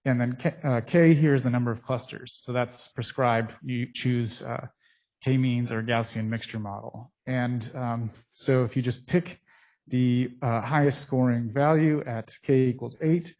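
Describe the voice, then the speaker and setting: Man giving a halting technical lecture. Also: mid-range voice, steady tone, a little mellow. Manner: technical, halting with frequent pauses. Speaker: scientist presenting research. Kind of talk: conference lecture. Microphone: speaking into a mic. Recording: dull, muffled through a face mask.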